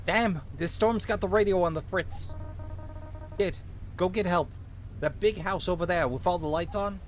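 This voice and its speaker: A man voicing an exasperated small-town male police chief with a put-on Minnesotan accent, barking hurried orders. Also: sits high, a little hiss or hum, lightly acted. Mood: alarmed. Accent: put-on vaguely Minnesotan.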